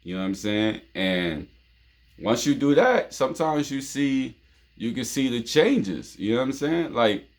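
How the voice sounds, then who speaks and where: A man's voice: medium pitch, lively intonation, a little slow. New york guy on his own show giving relationship advice, mid voice, super informal, keeps saying you know what i'm saying. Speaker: show host. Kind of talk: casual relationship-advice monologue.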